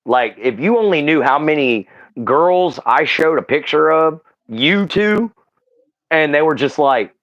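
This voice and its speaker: A man's voice: on the high side, expressive, unhurried, fairly bright tone, lo-fi sound. A man with a Southern Texan accent, talking as a livestream guest in casual chat, earnest and rambling with fillers and restarts. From Southeast Texas.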